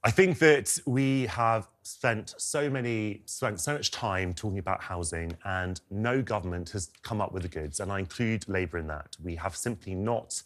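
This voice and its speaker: A young man debating on a TV panel, earnest and measured with some hesitation. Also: fairly low pitch. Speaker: commentator.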